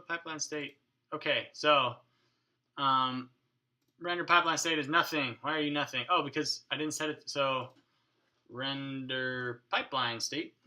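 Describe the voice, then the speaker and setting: Sitting at his home desk, a man with a high, pushed, bright voice hosts a casual screencast coding tutorial. He thinks aloud, mutters to his code, and jokes around with some mild swearing.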